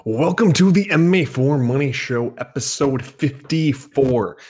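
A man's voice: medium pitch, lively intonation, a little slow, noisy background. A man hosting a live sports betting podcast, talking in a chatty, rambling way as he runs through plugs and fight results. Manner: chatty, rambling promo talk. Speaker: podcast host.

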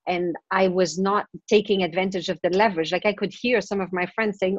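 A woman's voice: mid-range voice, fairly even intonation, fairly quick, dry recording, lo-fi sound. A woman guest talking casually in an interview, upbeat and chatty, with lots of "um" and "uh" fillers. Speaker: guest, confidence coach.

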